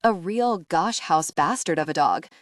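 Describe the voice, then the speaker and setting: A woman doing a terse, offhand teen delinquent boy, low and dry, audiobook. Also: expressive, measured pace, dry recording. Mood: wry. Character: lanky teenage delinquent boy, laconic and shrugging.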